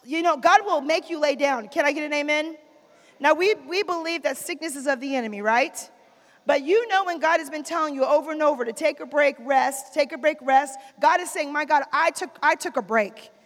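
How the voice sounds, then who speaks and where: A woman's voice: high voice, a little fast. A woman preaching a sermon in a church, calling for amens from the congregation and repeating lines for emphasis. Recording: long reverb of a large hall.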